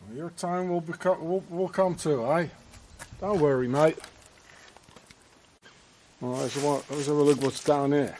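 The man's voice is fairly high and darkish, with fairly even intonation; he speaks a little slowly and pauses often. A travel vlogger, he rambles through forest castle ruins muttering slang and asides, recorded outdoors on a handheld camera mic with slight hiss or hum.

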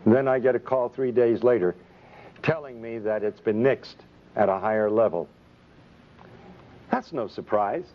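A man who is a physician gives an impassioned public speech, packed with indignant rhetorical questions and sarcasm. His voice is fairly low, his pace moderate, with long pauses. The recording is dull and lo-fi.

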